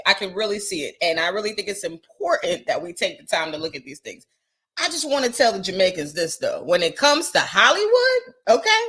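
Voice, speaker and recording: A woman's voice: mid-range voice, fairly bright tone. A woman hosting a morning commentary show, talking bluntly and emphatically, swearing and laughing as she gives her opinions. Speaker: host.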